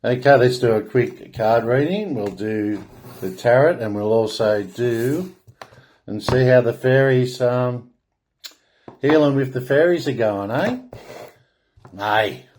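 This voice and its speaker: Slow, halting Australian man. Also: medium pitch, darkish tone, a little hiss or hum. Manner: halting, restarts words, grandiose proclaiming. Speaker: online spiritual speaker. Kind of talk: rambling solo monologue.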